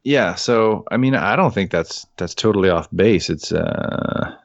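A man co-hosting a podcast, joking and self-deprecating in an animated, chatty way. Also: on the low side, unhurried, vocal fry, no room sound. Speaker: podcast co-host. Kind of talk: casual chat. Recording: dull, dry lo-fi mic.

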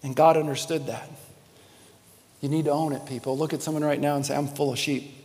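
Pastor, male, animated sermon delivery, hushed to loud, slightly high voice, long hall reverb. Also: brisk, a little hiss or hum. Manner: animated preaching, big swings from hushed to shouting.

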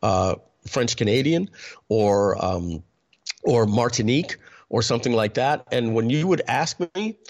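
A man's voice: medium pitch, animated, measured pace. A man, telling a personal story in a conversational way, full of fillers and restarts. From New York. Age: 50s. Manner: conversational, many fillers and restarts, clears throat often.

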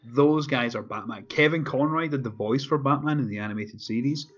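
Husky laid-back man, casual chat. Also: medium pitch, brisk. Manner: laid-back, swears freely, many fillers. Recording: dull lo-fi with faint music.

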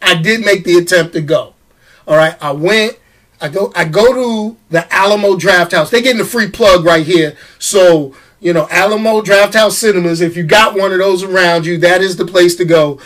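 A man hosting a casual live show, talking straight to his commenters with quick restarts, repeated phrases and frequent laughter. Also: sits high. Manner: animated, stammering restarts, laughs often, talks to commenters. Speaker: show host. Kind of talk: casual live-stream chat.

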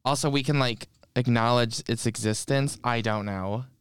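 A young man chatting on a podcast, tossing in dry jokes. His voice is smooth and resonant. The recording is dry and close. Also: medium pitch, moderate pace, dry recording. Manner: dry, joking asides. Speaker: podcast co-host and editor. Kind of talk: casual chat.

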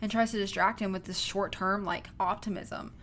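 A woman's voice: mid-range voice, steady tone, normal speed, a bit bright, slight background noise. A woman in casual conversation, explaining a film's ideas in a chatty way. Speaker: co-host discussing a film. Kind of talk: casual chat.

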